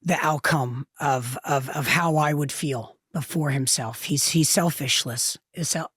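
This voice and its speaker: Husky-voiced woman, halting chat, dry close sound. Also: low-pitched, fairly bright tone, dry recording. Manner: halting, many fillers and restarts. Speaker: podcast guest, fitness trainer. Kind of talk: casual interview chat.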